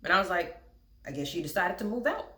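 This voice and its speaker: A woman's voice: fairly low pitch, expressive, fast talker, fairly bright tone. A young woman in a casual storytime vlog, candid and chatty, with frank swearing and wry laughs. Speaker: vlogger telling a personal story. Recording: echoey room.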